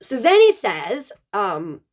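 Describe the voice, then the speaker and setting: A woman's voice: mid-range voice, wildly swooping pitch, slow. A woman casually telling a personal story, rambling with plenty of "um" and "like" fillers.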